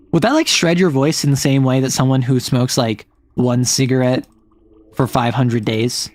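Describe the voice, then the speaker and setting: A young adult non-binary streamer chatting casually and rambling, often sliding between higher and lower voice registers. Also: a little mellow. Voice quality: some gravel in the voice. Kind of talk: casual live-stream chat.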